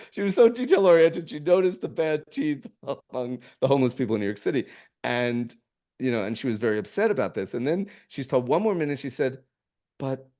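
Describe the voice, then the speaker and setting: A middle-aged man, a podcast guest, telling stories in a rambling way with halting restarts and chuckles. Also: on the low side, a little mellow. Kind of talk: casual storytelling.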